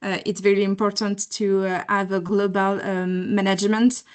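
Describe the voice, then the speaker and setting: A woman with a French accent asking a question on a video call, halting and searching for words. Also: medium pitch, flat delivery, clean tone.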